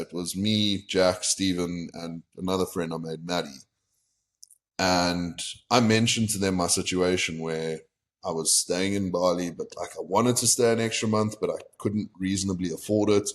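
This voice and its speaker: Speaking at normal speed in a low-pitched voice, a young South African podcast guest candidly tells a casual story. He acts out what people said to him, retelling conversations in their quoted voices.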